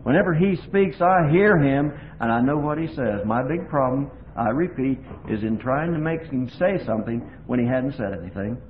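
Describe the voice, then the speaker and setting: A man's voice: mid-range voice, expressive, moderate pace, hardly any pauses. A man preaching a folksy sermon, telling homespun stories with repetitive emphasis, on a phone-like lo-fi recording with faint hiss.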